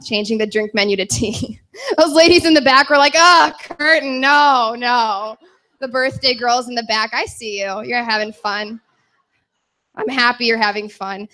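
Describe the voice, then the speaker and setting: A woman's voice: a little high, normal speed, sharp tone. A young woman from Chicago doing a stand-up set in a bar, rambling and self-deprecating with frequent giggles. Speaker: stand-up comedian. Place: bar stage.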